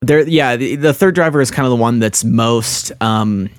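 A man's voice: mid-range voice, normal speed, no echo, clean studio sound. A man in a casual game discussion who talks hesitantly, with many fillers and restarts.

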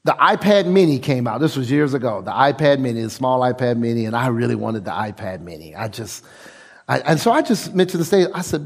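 A man's voice: mid-range voice, fairly quick, gravelly, slightly rough. A man preaching a sermon as pastor, telling stories with restarts and repeated words and acting out the voices of people he quotes. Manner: lively storytelling preacher, acts out quoted voices.

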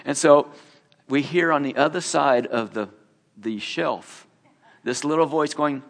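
A man's voice: medium pitch, normal speed, fairly bright tone. A man preaching in a conversational storytelling way, acting out the people in his story. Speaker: preacher sharing a testimony. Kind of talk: sermon storytelling. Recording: long hall reverb.

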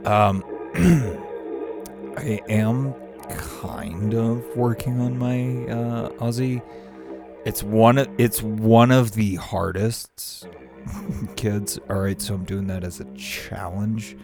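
Slow, gravelly man rambling on a podcast. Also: lowish voice, little pitch movement, music in the background. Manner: rambling, laughs often, swears casually. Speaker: podcast host, aspiring voice actor. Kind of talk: casual podcast monologue.

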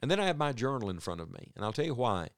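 A man teaching through a Bible passage on the radio in an earnest, measured way, stressing points through repetition. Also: medium pitch, big pitch swings, clean tone, no echo, studio quality.

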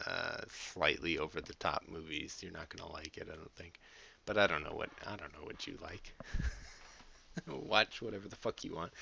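A man's voice: sits low, vocal fry, bright, forceful tone, dull audio, slight background noise. A man hosting a podcast in a casual, rambling monologue, swearing freely and laughing often. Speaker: podcast host.

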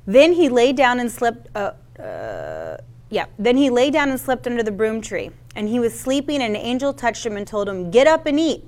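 A woman's voice: fairly high pitch, fairly quick, few pauses, a little mellow. A woman giving a sermon, reading a Bible passage aloud with casual asides and stumbles over names. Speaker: Bible teacher.

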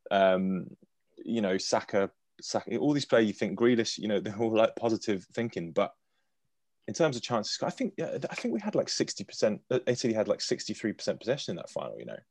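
Male podcast host, deep, halting and chatty, dry recording. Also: big pitch swings, a little mellow, no echo. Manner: hesitant, many restarts, sighs. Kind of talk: casual football podcast chat.

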